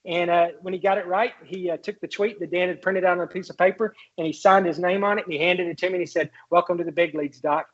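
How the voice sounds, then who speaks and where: Fast-talking husky man telling a story. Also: high voice, highs cut off. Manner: animated anecdote, quotes others, many fillers and restarts. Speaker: guest, congressman and former White House doctor. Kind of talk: storytelling in an interview.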